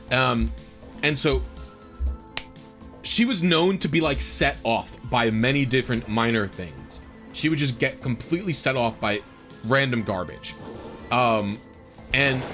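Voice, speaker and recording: A man's voice: mid-range voice, a bit bright. A man streaming a game, rambling casually through a story with lots of fillers and exasperated asides. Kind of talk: casual storytelling while gaming.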